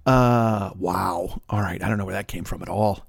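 Hosting a podcast, a man rambles through a crude comic monologue, cursing nonstop and breaking into songs and put-on voices. His low voice is creaky with a breathy edge, at a moderate pace, recorded cleanly in a studio with no echo.

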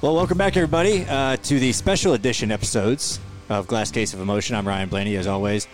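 A young man hosting a casual podcast, laid-back and quick to laugh. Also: lowish voice, soft background music. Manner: laid-back, laughs easily, many fillers. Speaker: podcast host.

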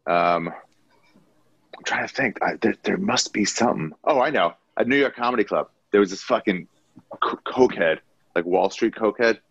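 Low-voiced profane man telling stories. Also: moderate pace, gravelly, a bit bright, husky, no room sound, highs cut off. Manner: profane storytelling, acts out people he quotes. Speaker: comedian guest. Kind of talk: casual podcast chat.

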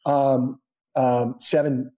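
Middle-aged man spinning an animated anecdote. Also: mid-range voice, extremely slow. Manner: animated storytelling, acts out quoted voices; many fillers and restarts. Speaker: guest actor. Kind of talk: casual anecdote in a podcast interview.

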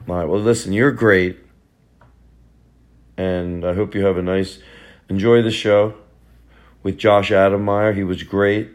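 A man's voice: deep voice, level tone, unhurried, pauses often. A middle-aged man hosting a podcast, joking in a rambling, casual way. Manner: jokey, rambling, repeats bits for laughs. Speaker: podcast host. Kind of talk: casual comedic chat.

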